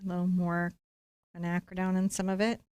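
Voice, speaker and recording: A woman's voice: fairly low pitch, little pitch movement, brisk, darkish tone, smooth, no room sound. A woman leading a live-streamed painting lesson, talking playfully and encouragingly straight to her viewers. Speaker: painting instructor.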